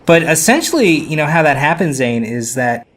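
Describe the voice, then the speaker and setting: A man's voice: a little high, very animated, moderate pace, fairly bright tone. A man co-hosting a podcast, casually explaining a topic step by step. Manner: explanatory, walks through facts step by step. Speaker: podcast co-host.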